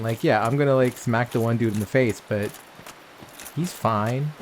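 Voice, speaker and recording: A man's voice: mid-range voice, unhurried, slight background noise. A man giving casual, profane gameplay commentary, chatting to viewers and to the characters on screen. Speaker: let's play gamer.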